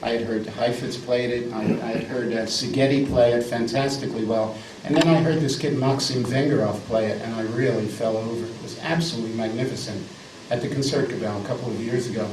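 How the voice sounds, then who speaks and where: A pianist in his fifties gives a live music lecture with piano examples in an indoor salon lecture room, captured in a roomy, distant live recording with a noisy background. His mid-range voice is steady and a little fast with hardly any pauses, and he's emphatic and jokey, repeating words for effect.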